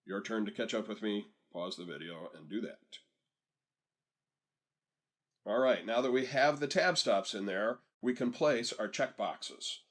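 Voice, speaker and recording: A man giving a screen-recorded software tutorial, talking students through each step in a relaxed, conversational way and pausing so they can catch up. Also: lowish voice. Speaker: software instructor.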